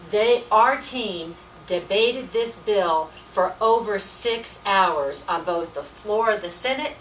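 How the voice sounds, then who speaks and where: A woman's voice: mid-range voice, fairly bright tone. Woman volunteer giving a punchy, folksy talk to a meeting, recorded from a distance in a roomy space. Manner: emphatic, folksy, repetitive "let me tell you". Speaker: volunteer speaker at a political meeting. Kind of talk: informal political presentation. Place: meeting room. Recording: echoey room, distant mic, faint hiss.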